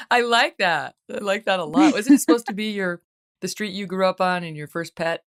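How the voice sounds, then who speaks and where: A middle-aged woman hosting a talk show, chatting casually and telling lively stories in which she acts out quoted voices. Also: mid-range voice, moderate pace, pauses often. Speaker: host. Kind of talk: casual chat.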